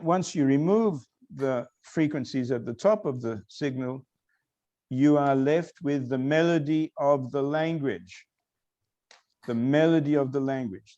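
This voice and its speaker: A man giving a recorded lecture, explaining slowly and repeating key phrases for emphasis. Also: medium pitch, mellow, highs cut off.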